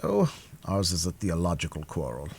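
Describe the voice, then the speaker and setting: A man voicing a refined, sly male musketeer with churchly airs in a storybook reading, speaking soft. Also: low voice, huge pitch swings, normal speed, husky, voice pushed down, exaggerated voice.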